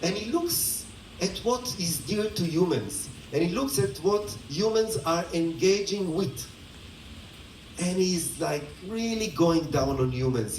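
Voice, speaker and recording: A man tells an old myth with playful, animated delivery, his pitch swinging widely and his pace unhurried. He is heard from a distance in a roomy space with faint ambience behind him. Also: a little hiss or hum. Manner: animated, playful, laughing asides. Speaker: storyteller. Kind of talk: retelling a myth to an audience.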